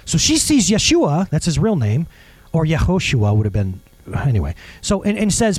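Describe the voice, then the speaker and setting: Animated high-voiced man preaching. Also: normal speed, breathy edge, no room sound, poor audio. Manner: animated, rhetorical questions, jokey asides. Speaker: pastor. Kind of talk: sermon.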